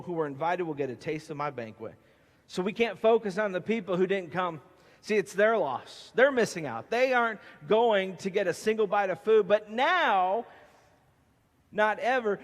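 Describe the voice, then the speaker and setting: A man preaching a sermon as pastor, emphatic and animated with playful asides, in a church sanctuary. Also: sits high. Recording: long hall reverb.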